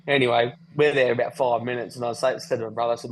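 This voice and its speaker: A man's voice: mid-range voice, level tone, fast, hardly any pauses, a little hiss or hum, low-quality recording. A man telling a rambling travel story on a podcast call, swearing casually. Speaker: podcast guest. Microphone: video call.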